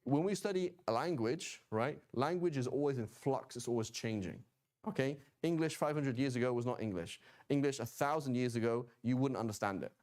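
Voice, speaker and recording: A Quranic Arabic teacher gives an informal class lecture in a mid-range, slightly mellow voice at a fairly quick clip. He's casual and chatty, regularly checking in with "right?" and "okay?" and dropping in jokey asides.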